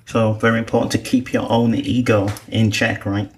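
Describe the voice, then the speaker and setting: Male radio host, lowish voice, encouraging interviewer who affirms and prompts the guest. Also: little pitch movement, moderate pace.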